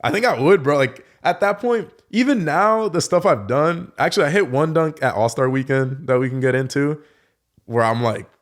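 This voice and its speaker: A man's voice: a little high, moderate pace. A young man talking in a casual podcast conversation, telling stories loosely with lots of "like" fillers. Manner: relaxed storytelling, many fillers like "like". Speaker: guest, professional dunker.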